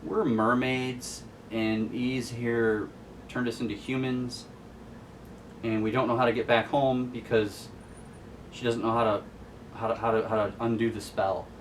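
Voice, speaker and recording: A man voicing bewildered mermaids turned human, explaining in a slow, puzzled way. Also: mid-range voice, flat delivery, a bit bright, distant mic, slight background noise, low-quality recording.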